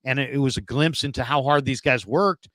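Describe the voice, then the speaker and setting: Man in his fifties, middle pitch, rambling anecdotal guest with lots of fillers. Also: fairly quick, fairly bright tone, no room sound. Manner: rambling, many fillers and restarts. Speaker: guest, former NFL scout turned radio host. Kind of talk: casual storytelling interview.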